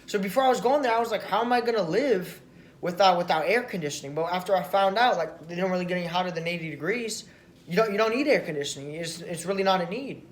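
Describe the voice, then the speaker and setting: A man's voice: high-pitched, lively intonation, fast. Rambling American man in an echoey room. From United States. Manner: rambling, repeats himself, tags sentences with "right?". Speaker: vlogger. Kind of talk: casual travel storytelling.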